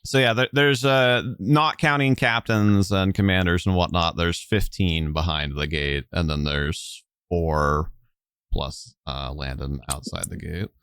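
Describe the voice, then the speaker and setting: Male game master, low smooth voice, loose rambling narration. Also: unhurried, fairly bright tone, dry recording, studio quality. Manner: rambling, many fillers.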